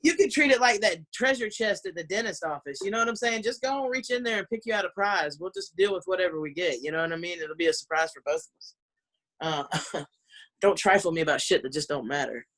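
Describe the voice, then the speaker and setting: A woman from the Southern US, a stand-up comedian, delivers a brash, profane set from home over a video call, picked up by her computer mic. Her voice is lowish and a bit bright, with lively intonation and a quick pace. She rants and laughs between lines.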